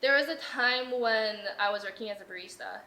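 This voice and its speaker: Young woman, podcast host, casual chat, high bright voice, swears, acts out quotes, echoey room. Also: fairly quick. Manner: animated, swears, acts out what others said. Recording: roomy echo.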